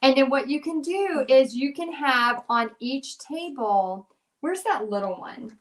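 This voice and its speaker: A middle-aged woman hosts a casual craft demo. She talks in a chatty, rambling way, full of giggles and fillers, in a voice a little higher than most. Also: animated, unhurried. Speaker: craft channel host.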